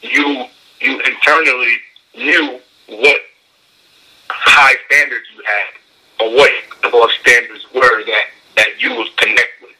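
A man's voice: mid-range voice, fairly even intonation, unhurried, sharp tone, poor audio. A man hosting a casual podcast conversation, thinking aloud as he frames his point.

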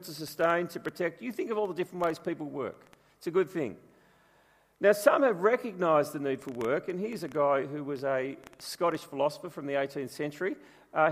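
A man preaching a sermon as pastor, telling stories in a chatty, humorous way. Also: fairly high pitch. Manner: chatty storytelling with humour. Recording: long reverb from a large room.

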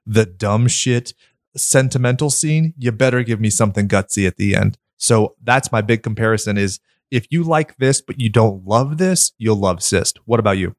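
Blunt, swearing podcast host. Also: male voice, fairly low pitch, normal speed, dry recording, clean studio sound. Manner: blunt, swears freely, enthusiastic. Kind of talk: casual film chat.

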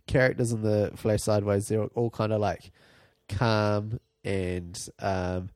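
Man, podcast co-host, mellow dark voice, halting and rambling, dry sound. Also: fairly low pitch, little pitch movement, dry recording. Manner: rambling, halting explanations with fillers. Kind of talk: casual chat.

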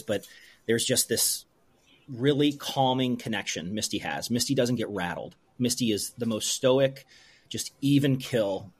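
A brewery owner in his forties, interviewed as a guest, speaks openly and with feeling in an emotional conversation. His voice is fairly low and slightly rough, and he rambles and restarts as he goes.

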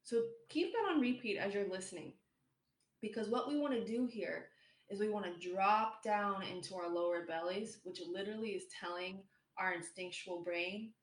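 A woman calmly guiding listeners through a breathing meditation, played as a clip within a podcast. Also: mid-range voice, normal speed, roomy sound. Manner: calm, instructive. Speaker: meditation guide. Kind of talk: guided breathing instruction.

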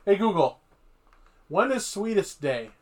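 A man with a fairly high voice that swings up and down a lot, co-hosting a podcast. He trades crude jokes and curses casually in loose, easygoing chat. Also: very animated, unhurried. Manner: joking, profane banter. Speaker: podcast co-host.

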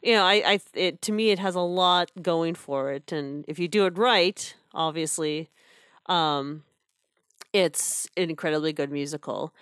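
A woman's voice: low-pitched, unhurried, a bit bright, clean tone, no room sound, studio quality. A woman co-hosting a casual podcast chat, chatty, with frequent laughs and restarts. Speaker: podcast co-host reviewing theater.

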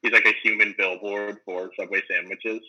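Bright-toned man rambling casually. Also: lowish voice, normal speed, highs cut off. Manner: rambling, full of "like" and "um", animated retelling. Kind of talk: casual chat about a sitcom.

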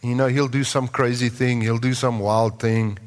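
A man preaching a sermon in a large church hall, moving between impassioned lines and soft, prayerful tones. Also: medium pitch, little pitch movement, moderate pace. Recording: long reverb of a large hall.

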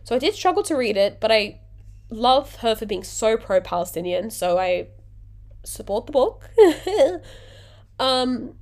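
A woman's voice: a little high, animated, normal speed. A woman, hosting a casual solo podcast in a rambling, jokey, self-mocking way, sounding sick and tired. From Australia. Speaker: podcast host.

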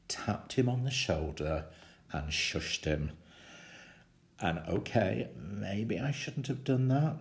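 A man telling a personal anecdote in a lively way, often chuckling as he speaks. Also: deep voice. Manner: animated storyteller, chuckles often. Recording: roomy echo.

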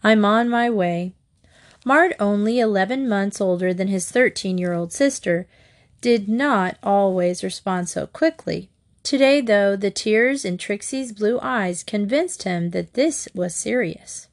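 A woman's voice: mid-range voice, measured pace. Woman reading a children's mystery aloud. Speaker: audiobook reader. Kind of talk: storybook narration.

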